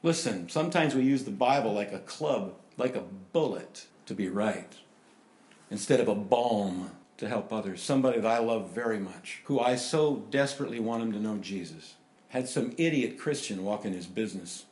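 A middle-aged man preaching a sermon, telling stories and swinging between loud animated bursts and hushed, earnest passages. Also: lowish voice, moderate pace. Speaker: pastor. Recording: roomy, echoey hall.

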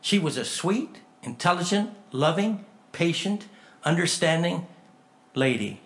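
A man preaching a sermon in a folksy, animated storytelling way, acting out conversations as he tells them. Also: fairly high pitch, measured pace. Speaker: pastor.

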